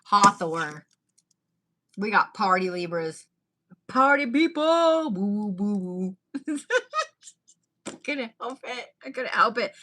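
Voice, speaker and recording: Brief: woman, tarot reader, loose and profane, bright tone. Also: fairly high pitch. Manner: chatty, profane, laughing asides. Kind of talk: casual tarot reading.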